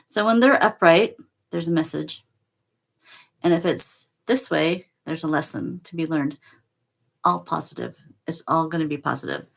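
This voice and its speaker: A middle-aged woman hosting a spiritual vlog, talking softly and slowly with emotional pauses. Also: deep voice, gravelly. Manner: slow, soft and emotional, reads aloud with pauses. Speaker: channel host reading oracle cards.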